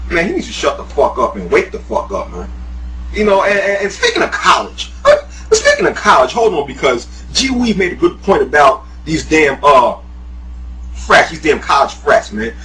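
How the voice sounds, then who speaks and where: A man talks straight to the camera in a heated, profanity-heavy rant. His voice sits a little high and swings wildly in pitch, and his mocking tone keeps breaking into laughter. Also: sing-song, moderate pace, bright, forceful tone, a little hiss or hum, rough recording. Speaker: YouTuber, guest. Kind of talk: profane ranting monologue.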